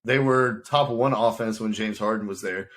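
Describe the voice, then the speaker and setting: A man's voice: fairly low pitch, moderate pace. A man co-hosting a sports podcast, arguing heatedly and firing off rhetorical questions in casual debate. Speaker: podcast co-host.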